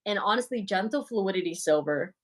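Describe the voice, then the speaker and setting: Speaking a little fast and sounding animated, a young woman with a medium-pitched voice hosts a livestream. She answers viewers' comments in a casual, frank way, peppered with "like" and "you know."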